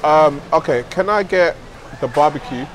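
A man's voice: a little high, moderate pace, a crowd in the background. A young man hosting a food vlog in a laid-back, jokey way, drawing out his words. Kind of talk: casual vlog chat.

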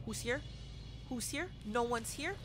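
A woman live-streaming a horror game, talking to her chat with loud, excitable, dramatic reactions. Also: a little high, unhurried, music in the background. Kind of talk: live gameplay commentary with chat.

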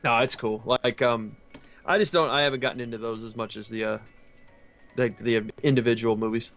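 A man's voice: medium pitch, steady tone, brisk, a bit bright, soft background music. A young man co-hosting a gaming livestream, teasing, laughing often and counting down trades. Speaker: stream co-host. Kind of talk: casual gaming stream chat.

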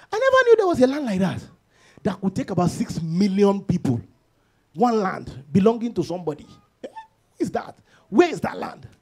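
A man preaching a church sermon, moving from calm teaching into shouted, sing-song declarations. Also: high voice. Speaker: pastor. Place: church service.

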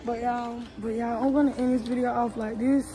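A woman's voice: on the high side, steady tone, brisk, warm tone, faint music behind, poor audio. A young woman, a mother chatting to her viewers on a phone while shopping in a big store. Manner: chatty, addresses viewers as y'all. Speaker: vlogger, mother. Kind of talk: casual vlog while shopping. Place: large store indoors.

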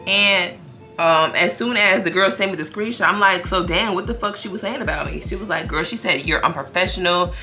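A young woman tells a story to her followers in a loose, slangy, profane way and acts out what others said. Her voice sits fairly low but sounds bright and forceful. Faint music plays quietly under her talk. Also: fairly quick. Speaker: vlogger telling a story. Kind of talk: casual storytime vlog.

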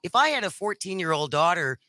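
A woman's voice: fairly low pitch, big pitch swings, brisk, bright, forceful tone, no echo. A woman hosting a talk radio call-in show, candid and sometimes hesitant while picking her words. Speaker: radio host. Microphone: studio mic.

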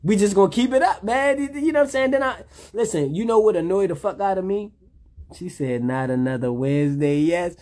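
A man's voice: sits high, lively intonation, brisk, a little mellow. A man, rambling in a laid-back, casual monologue, often saying "you know what I'm saying". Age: 30s.

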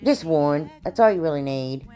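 A woman's voice: low-pitched, animated, normal speed, mellow, clear, resonant tone, soft background music. Chatty woman with a froggy voice. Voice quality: chatty, folksy, many "anyway"s and "y'all"s. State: froggy voice from allergies. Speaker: craft channel host. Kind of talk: casual crafting tutorial chat.

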